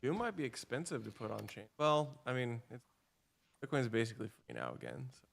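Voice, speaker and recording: A man with a mid-range voice chats on a livestream. He is easygoing and playful, and his sentences often trail off softly. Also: mid-range voice, wildly swooping pitch, a little fast, creaky. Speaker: co-host. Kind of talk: casual livestream chat.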